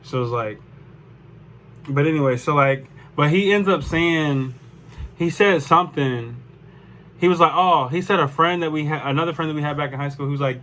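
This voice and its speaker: A man's voice: on the high side, normal speed, pushed and bright. A young man telling a personal story in a casual, rambling way, full of swearing and "like". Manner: rambling, profane, lots of "like". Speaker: vlogger.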